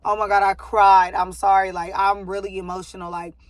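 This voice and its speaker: A young woman talks straight to her viewers in a loose, rambling vlog. Her pitch sits in the middle range for a woman. She fills her sentences with likes and ums and stops now and then to settle a baby beside her. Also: little pitch movement, a little fast, dry recording. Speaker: vlogger giving a life update. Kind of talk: casual chat to camera.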